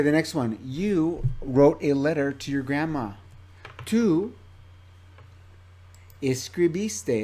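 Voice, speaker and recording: Patient man teaching a class. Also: medium pitch. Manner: patient, drills word lists slowly and clearly. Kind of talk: recorded classroom presentation. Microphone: own microphone in front of him.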